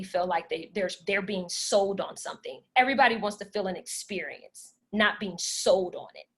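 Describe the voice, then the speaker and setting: A woman podcast host answering audience questions in a relaxed, talkative way, speaking with passion and filling pauses with "like" and "um". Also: mid-range voice. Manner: passionate, talkative, many "like" and "um" fillers. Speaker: podcast host leading a workshop Q&A. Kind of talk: casual conversational Q&A.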